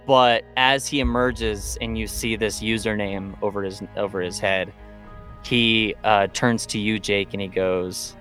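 A man's voice: lowish voice, fairly even intonation, a little slow, bright, forceful tone, faint music behind. A man narrating as game master of a tabletop role-playing game, in a casual manner.

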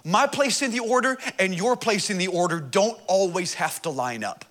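High, bright-voiced preaching man. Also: animated, moderate pace. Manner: storytelling, humorous, earnest. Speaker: pastor. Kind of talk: sermon.

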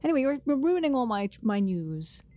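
A woman's voice: high-pitched, very animated, a little fast, dry recording. A woman co-hosting a podcast, chatting enthusiastically about a TV episode. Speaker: podcast co-host. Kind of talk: casual chat.

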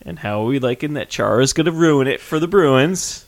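A man hosting a casual podcast, talking quickly and insistently and laughing easily. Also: medium pitch, animated. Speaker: podcast host.

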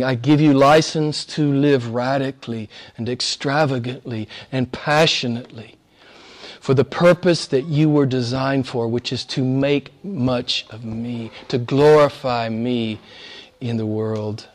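A male pastor preaching a sermon in a conversational way, speaking straight to his listeners and swinging from loud stresses down to near-whispers. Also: mid-range voice, fairly even intonation, a little slow. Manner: conversational, addresses listeners directly.

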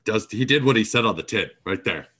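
A man's voice: on the low side, animated, a little fast, sharp tone, breathy edge. A man co-hosting a casual podcast, teasing his friend and rambling with fillers. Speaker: podcast co-host. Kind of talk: casual chat.

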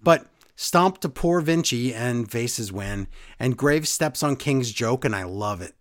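Guy recapping a show, lively up and down voice, does little impressions. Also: medium pitch, unhurried. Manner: animated storyteller, mimics people in quotes. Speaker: podcast co-host recapping wrestling. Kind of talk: casual chat.

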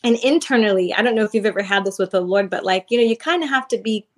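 A woman's voice: mid-range voice, fast talker. A woman in her thirties, a podcast guest, telling a personal faith story in casual, earnest talk full of fillers. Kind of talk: casual testimony.

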